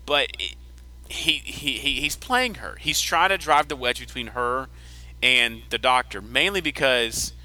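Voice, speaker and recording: A man's voice: mid-range voice, bright, forceful tone, low-quality recording. A man hosting a podcast, casually recapping a TV episode, chatty, restarting sentences and laughing often. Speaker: podcast host.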